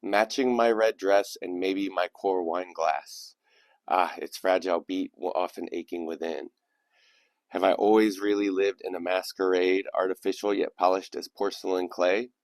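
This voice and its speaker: Male host, deep voice, close dry sound; reads submitted poetry and drifts into reflective asides. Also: fairly even intonation, measured pace, no echo. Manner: reflective, digressive. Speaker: channel host. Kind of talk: casual commentary and poetry reading.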